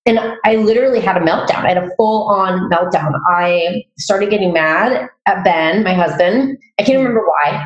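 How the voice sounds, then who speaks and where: A woman hosting a casual conversation, chatty and quick to laugh, telling stories with animation. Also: medium pitch, highs cut off. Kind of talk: casual chat. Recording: echoey room.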